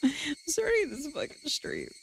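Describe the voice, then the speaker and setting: Animated, lively-pitched woman streamer. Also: normal speed, gravelly, slight background noise. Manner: animated, laughs often, swears freely. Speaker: streamer reading a visual novel aloud. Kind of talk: casual live-stream chat and reading.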